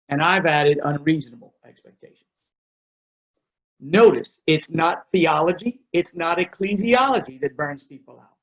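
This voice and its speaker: Middle-aged guy doing a ministry workshop talk, fired up and jokey, kinda high voice, muffled lo-fi audio. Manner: energetic, joking storyteller. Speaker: ministry speaker. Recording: dull lo-fi recording.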